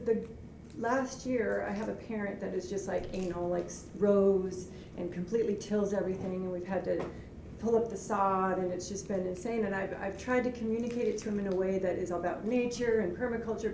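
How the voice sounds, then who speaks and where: A nervous woman shares with her class in an eager, rambling way. She sounds far from the mic in an echoey room. Clear noise sits behind her. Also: medium pitch. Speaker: student, school garden founder. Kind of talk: sharing in class. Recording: echoey room, distant, noisy.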